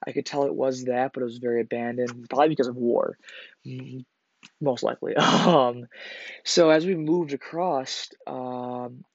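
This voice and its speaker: A man's voice: medium pitch, fairly even intonation, normal speed, vocal fry, dry recording. A man hosting a podcast, casually telling a personal story in a rambling, profane way, full of fillers and restarts. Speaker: podcast host. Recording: slightly dull lo-fi recording.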